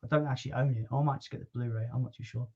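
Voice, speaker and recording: A man's voice: mid-range voice, very fast, dull audio. Chatty man hosting a livestream. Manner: chatty, relaxed, swears casually. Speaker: livestream host. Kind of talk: casual livestream chat.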